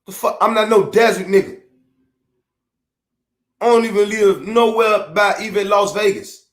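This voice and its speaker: In a high, steady, unhurried voice, a middle-aged Chicago native with the local accent rants on his podcast. The unfiltered talk is heated, blunt, profane and full of repetition, and the room echoes.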